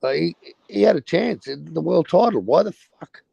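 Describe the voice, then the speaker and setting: A man's voice: on the high side, animated, normal speed, vocal fry, mellow, husky, dry recording, dull audio. A man with an Australian accent talking boxing in casual chat, blunt and swearing freely.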